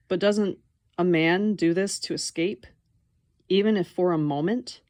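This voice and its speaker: Young woman reading a book out loud, lowish voice, dry close sound, wry little side comments. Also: dry recording. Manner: expressive, wry, breaks off to comment and laugh. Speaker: audiobook reader. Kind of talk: reading a nonfiction book aloud with casual asides.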